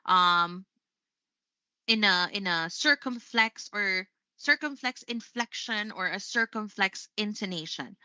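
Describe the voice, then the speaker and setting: A woman's voice: mid-range voice, slow pace, pushed and bright, smooth, no echo, muffled recording. A Filipino woman hosting a live English lesson, chatty, tagging "right?" onto most of her points. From Philippines.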